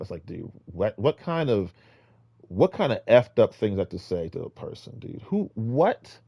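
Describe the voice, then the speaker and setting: A man giving casual, rambling street-preaching advice, exhorting listeners with many restarts, swinging between loud emphatic bursts and low mutters. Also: sing-song, normal speed, vocal fry, no echo.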